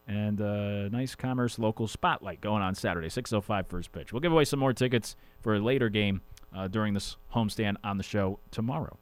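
A man's voice: on the low side, fairly quick, no echo. A man hosting a sports radio show, talking casually with rambling jokey asides. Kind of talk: casual sports talk monologue.

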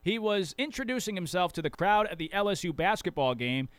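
High-voiced, opinionated sports radio host. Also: male voice, brisk, clean tone, dry recording. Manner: animated, opinionated, chatty. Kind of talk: sports talk radio commentary. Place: radio studio. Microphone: studio microphone.

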